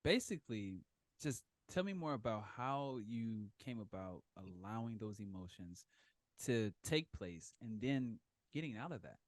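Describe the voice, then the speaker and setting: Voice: mid-range voice, big pitch swings, measured pace, dry recording. Hesitant podcast host, dry close sound. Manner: hesitant questions, many fillers. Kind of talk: podcast interview.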